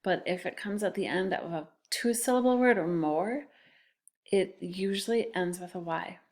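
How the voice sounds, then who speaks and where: A woman's voice: fairly low pitch, normal speed, darkish tone. A woman teacher giving a recorded phonics lesson to second graders, patiently sounding out words letter by letter.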